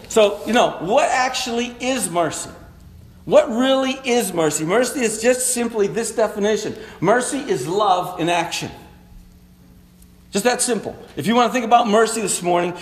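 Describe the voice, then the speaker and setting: A male pastor preaching a morning sermon in a conversational way, acting out little everyday dialogues to make his points. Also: high voice. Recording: echoey hall, long reverb.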